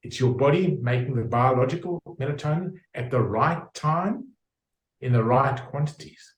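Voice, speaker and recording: A man describes his remedies in a conversational interview, stopping and restarting as he reaches for examples. His voice sits at a middling pitch, and the room around him is noticeably echoey. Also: lively intonation, normal speed, a little hiss or hum. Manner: explains with homely examples, many fillers and restarts. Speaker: homeopath guest.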